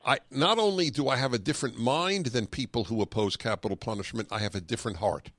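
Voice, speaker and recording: Male radio talk host, emphatic, earnest, mid-pitched voice, dry studio sound. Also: quick pace, fairly bright tone, no room sound. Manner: emphatic, earnest, sarcastic asides.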